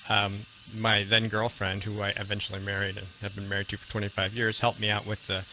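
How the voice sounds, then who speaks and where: A man's voice: on the low side, flat delivery, fast, sharp tone. A man in his fifties from western New York, a guest on a radio talk show, easygoing and matter-of-fact, with frequent ums and restarts. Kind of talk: casual radio interview. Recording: AM radio broadcast with faint noise.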